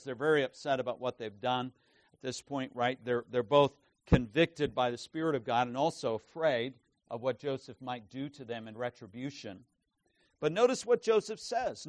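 A man preaching an expository sermon, slow and emphatic, pausing to repeat key words for weight. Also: medium pitch, no room sound. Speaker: pastor.

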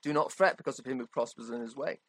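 A man's voice: medium pitch, fast talker, fairly bright tone, no room sound, rough recording. A man preaching a sermon in a conversational, emphatic way, often checking in with his listeners.

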